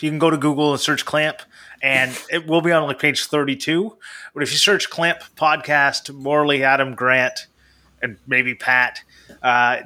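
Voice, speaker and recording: Bright-voiced podcast host, rambling. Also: male voice, mid-range voice. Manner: rambling, laughs often. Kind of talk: casual podcast chat.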